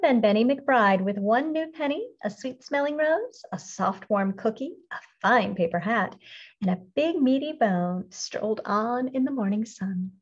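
A woman reading a children's picture book aloud in a singsong, expressive storytelling manner. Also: fairly high pitch, measured pace. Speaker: storybook reader. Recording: dull lo-fi recording.

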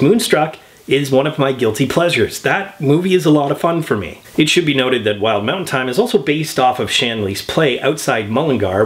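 A man hosting a comedic film review, talking with wry, joking asides. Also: medium pitch.

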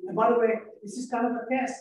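A man's voice: extremely high pitch, level tone, fast talker. A man lectures in a loose, joking way, firing questions at the room and wandering off into stories. His voice sounds far from the mic and bounces around a very echoey room. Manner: playful, rambling, quizzes the audience. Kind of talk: lively classroom lecture with jokes.

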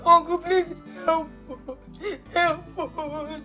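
An actress with a Nigerian accent playing a desperate young woman who pleads tearfully with her uncle and breaks into shouting. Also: extremely high pitch, level tone, slow pace, faint music behind, heavily acted. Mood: pleading. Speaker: desperate daughter. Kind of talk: Nollywood film drama.

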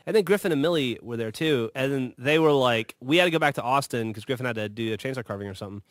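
Guy rattling off a funny story, fast and lively, swears a lot, dry close mic. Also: mid-range voice, dry recording. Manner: animated, swearing, acts out quoted lines. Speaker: podcast host telling stories. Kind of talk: casual storytelling.

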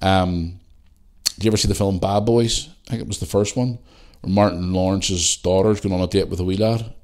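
A man's voice: sits low, steady tone, fairly quick, a little mellow. A man hosting a casual solo podcast, chatting in a rambling way and swearing freely. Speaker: podcast host.

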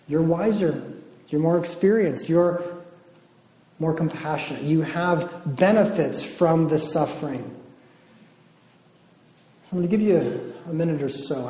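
A man's voice: a little high, dark tone. A man preaching at a conference, earnestly leading the audience in call-and-response affirmations. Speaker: conference speaker. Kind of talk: sermon. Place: conference hall. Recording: echoey hall with long reverb.

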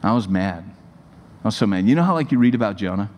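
Animated man preaching in a reverberant hall. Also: lowish voice, fast talker, a little hiss or hum. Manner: animated, rambling storyteller with many fillers. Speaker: pastor. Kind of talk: sermon storytelling. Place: church hall.

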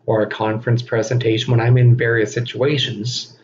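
A man giving a recorded teaching lecture, speaking slowly and deliberately with frequent fillers. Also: medium pitch, little pitch movement. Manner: slow, deliberate, self-aware delivery with frequent fillers. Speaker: instructor. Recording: dull lo-fi recording with faint noise.

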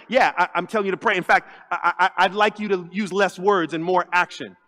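A man, the lead pastor, preaching a sermon with animated delivery, acting out quoted voices and joking with the congregation. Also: high voice, a little fast, few pauses, in a large hall. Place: church sanctuary.

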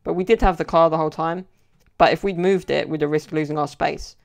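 A man's voice: on the high side, fairly even intonation, brisk, creaky. A young man telling stories in a casual solo podcast, rambling and chatty with lots of "like" and "you know". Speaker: podcast host.

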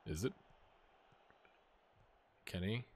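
A man casually talking through a sports management game, thinking aloud and breaking into excited play-by-play. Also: fairly low pitch, very slow, husky. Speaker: gaming channel host. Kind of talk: casual gameplay commentary.

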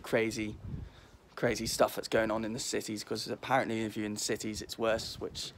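A man's voice: lowish voice, completely flat delivery, normal speed, creaky. A man in his twenties with a mild Liverpool accent, chatting and joking casually as a vlog host while walking outdoors. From Liverpool, England. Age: 20s. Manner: cheeky, rambling, self-mocking. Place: outdoors in a windy back garden. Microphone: phone held while walking. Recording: faint wind noise outdoors.

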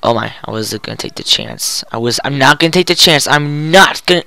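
A gamer giving goofy, excitable commentary while playing a hockey video game, groaning and yelling at each play. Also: mid-range voice, a little slow, vocal fry, no room sound.

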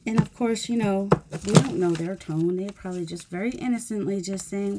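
A woman's voice: mid-range voice, normal speed, noisy background. A woman chatting in a rambling, self-deprecating way while she works on a mixed media collage. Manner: rambling, musing aloud while working. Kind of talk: chatty crafting vlog.

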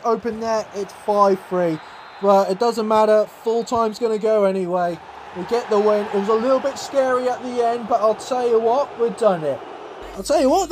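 A man giving excitable play-by-play commentary over his own football video game match, mixing calls with asides. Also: high-pitched, slight background noise. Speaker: gaming YouTuber. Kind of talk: live gameplay commentary.

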